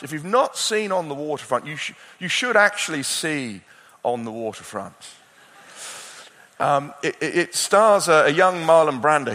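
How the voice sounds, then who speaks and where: Animated male preacher in a big hall. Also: on the high side. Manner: animated, swings from loud urgency to quiet intensity. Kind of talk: sermon. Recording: long hall reverb.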